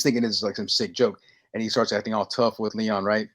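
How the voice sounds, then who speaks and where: A man co-hosting a casual podcast, telling stories with lively energy and acting out lines in quick bursts. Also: on the low side. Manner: animated storytelling, acting out movie lines. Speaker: podcast co-host. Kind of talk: casual chat.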